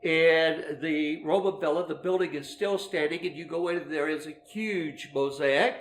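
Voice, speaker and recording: A middle-aged man teaching a Bible lesson, explaining slowly with many fillers and restarts. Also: fairly high pitch, roomy sound.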